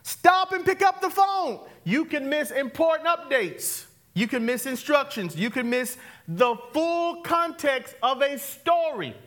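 A male pastor, preaching an interactive, call-and-response sermon that swings from loud to hushed, laughing often. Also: very high-pitched, lively intonation, measured pace.

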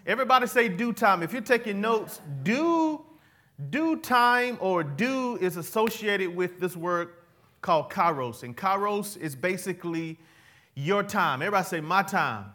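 A man's voice: high-pitched, expressive, measured pace, pushed and bright. A man preaching a sermon, speaking casually with slang and calling on the congregation to repeat words back to him. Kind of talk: sermon with call-and-response.

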